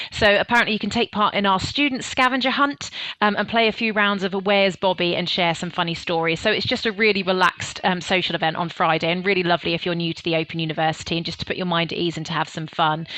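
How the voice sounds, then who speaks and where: A woman's voice: medium pitch, fairly bright tone, no echo, poor audio. A woman hosting a live online session, chatting casually and reading out viewer comments, with lots of ums. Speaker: host.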